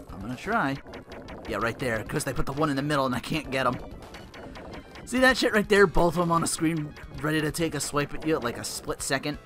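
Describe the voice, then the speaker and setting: A man giving casual, rambling gameplay commentary, cursing freely and cracking jokes as he plays. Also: medium pitch. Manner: rambling, profane, joking asides. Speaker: let's play host. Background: game music.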